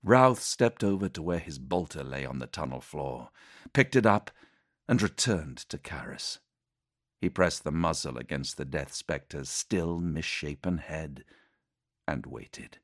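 A man's voice: very deep voice, expressive, unhurried, no room sound, clean studio sound. A man narrating an action audiobook in a dramatic, intense scripted style.

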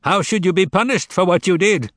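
A man's voice: high voice, a little fast, a bit bright, no echo, studio quality, pitched above the performer's own voice. A man voicing a stern, cold restaurant manager who gives commanding orders like a pirate captain.

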